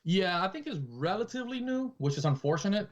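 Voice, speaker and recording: A man's voice: sits high, big pitch swings, brisk, highs cut off. A man in his forties co-hosting a podcast, chatting casually and rambling as he retells scenes. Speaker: podcast co-host. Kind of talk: casual chat.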